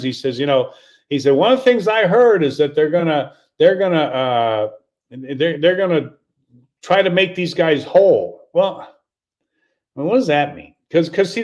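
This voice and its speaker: Older man, golf coach commentary, incredulous exasperated rant, slightly high voice, sarcastic laughter. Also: a little mellow. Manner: exasperated, incredulous, repeats himself, frequent restarts and filler. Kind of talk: animated opinion rant.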